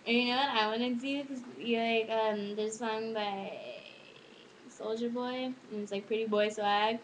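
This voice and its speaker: Teenage girl, chatty, giggly, fairly high voice, faint hiss. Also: steady tone, normal speed, rough recording. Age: teens. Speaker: student vlogger. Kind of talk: casual chat to camera.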